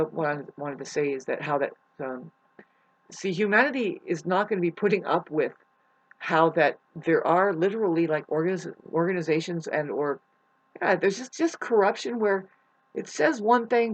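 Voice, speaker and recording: A woman astrology vlogger delivers a rambling spiritual monologue, swearing a lot, restarting sentences and swinging between loud outbursts and hushed asides. Her pitch is fairly low, and the audio quality is poor.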